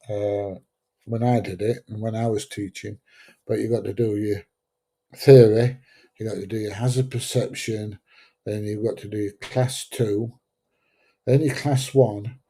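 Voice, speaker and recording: A man's voice: medium pitch, mellow. A man in his seventies with a Sheffield accent, chatting casually on his livestream in a rambling, blunt way. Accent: Sheffield English. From Sheffield, England. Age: 70s. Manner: rambling, chatty, blunt, drops into mild swearing. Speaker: livestream host. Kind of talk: casual livestream chat reading out viewer comments.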